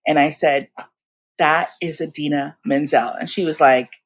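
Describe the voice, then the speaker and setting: A woman in her forties telling stories in casual chat as a guest, animated and laughing often, acting out the voices of people she quotes. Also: deep voice, normal speed, slight background noise. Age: 40s. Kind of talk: casual storytelling.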